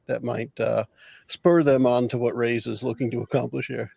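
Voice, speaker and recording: A man's voice: medium pitch, steady tone, normal speed, gravelly, darkish tone, slightly rough, no room sound. A man playing a tabletop game who jokes around with the others. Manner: joking. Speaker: player.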